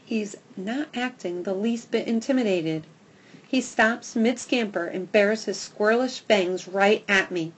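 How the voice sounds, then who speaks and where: A woman reads a first-person children's audiobook aloud. She tells it with expressive, dramatic storytelling, pitched at a middling level for a woman. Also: measured pace. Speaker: audiobook narrator.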